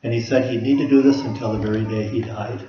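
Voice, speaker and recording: A man's voice: medium pitch, fairly even intonation, fast, mellow, a little hiss or hum. Man preaching in an echoey room. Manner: earnest preaching with rhetorical questions. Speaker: pastor. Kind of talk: sermon. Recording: echoey room, slightly dull sound.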